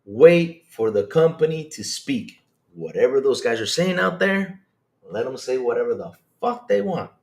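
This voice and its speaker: A man hosting a casual gaming livestream, rambling in an animated way, reading chat and swearing when he gets worked up. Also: medium pitch, moderate pace. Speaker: podcast host reading live chat.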